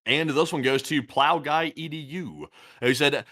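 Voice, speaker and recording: A man's voice: on the high side, unhurried, bright, forceful tone. A man co-hosting a livestream, plainly reading out viewer questions. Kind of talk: casual livestream Q&A.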